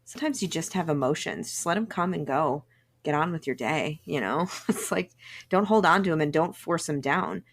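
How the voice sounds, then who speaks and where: A woman's voice: low voice, lively intonation, moderate pace. A woman co-hosting a podcast, telling personal stories in a chatty, confiding way. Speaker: podcast co-host. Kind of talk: casual podcast chat.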